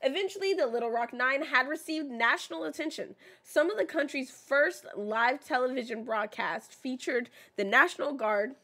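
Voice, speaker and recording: A woman's voice: sits high, moderate pace, few pauses, bright, forceful tone. A woman streamer chatting casually while playing and reading signs aloud, often stumbling and restarting mid-sentence.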